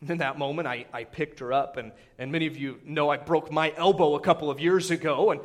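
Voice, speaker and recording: A pastor in his thirties with a voice on the high side preaches a sermon, sharing a personal story in an animated, conversational style. He often turns to the congregation with quick asides.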